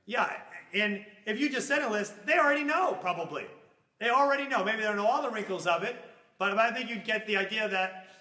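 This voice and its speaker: A man teaching a Bible class, animated and acting out little scenes in funny voices as he explains. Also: high-pitched, a little fast, reverberant.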